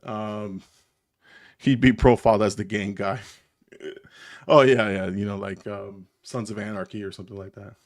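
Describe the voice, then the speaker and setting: A man's voice: fairly low pitch, flat delivery, moderate pace. A man with a New Jersey accent hosts a live stream and chats casually with his viewers. He rambles from one thing to the next and chuckles often as he talks.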